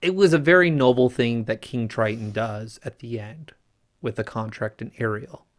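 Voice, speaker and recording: A man hosting a casual podcast chat, animated and quick to laugh, with frequent fillers. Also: mid-range voice. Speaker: podcast host.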